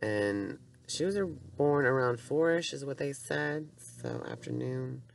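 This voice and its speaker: A woman's voice: a bass voice, slow pace, gravelly, a little hiss or hum. A woman vlogging casually about her new dog, rambling and unsure as she talks. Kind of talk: casual home vlog.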